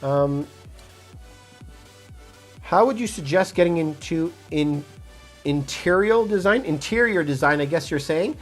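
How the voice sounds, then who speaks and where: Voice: medium pitch, expressive, a little slow, pauses often, soft background music. A realtor from Montreal, Canada, answering viewers' comments on a phone livestream in a direct, casual, motivational way. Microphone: phone mic.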